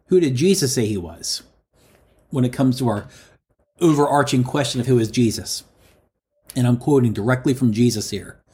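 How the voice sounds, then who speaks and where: Man preaching, repeating lines slowly. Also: mid-range voice, warm tone. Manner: addresses listeners as friends. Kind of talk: sermon.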